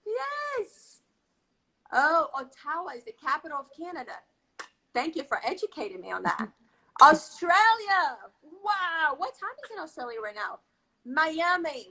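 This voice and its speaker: A woman's voice: high-pitched, sing-song, normal speed, pushed and bright, rough recording. A woman hosting a live video-call baking stream, chatting effusively and reading out where viewers are. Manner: effusive, reads out viewer comments. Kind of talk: casual live-stream chat.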